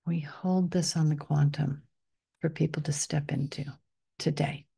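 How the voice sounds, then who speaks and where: A woman, a spiritual teacher, leading a guided meditation in a soft, unhurried voice that often drops to a whisper on affirmations. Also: low-pitched, fairly even intonation, creaky, husky.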